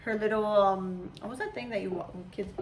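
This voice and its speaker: A woman in her thirties, a mother chatting casually with her daughter, talking in long, animated, meandering stretches. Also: mid-range voice, a little fast, a little hiss or hum, low-quality recording. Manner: chatty, animated storytelling with imitations. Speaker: mother, channel host. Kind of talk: casual chat.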